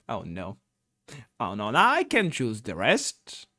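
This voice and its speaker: Man, gamebook playthrough, rambling with fillers, swears now and then, unhurried, lively swinging pitch. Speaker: gamebook let's-player. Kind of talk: reading a gamebook aloud with commentary.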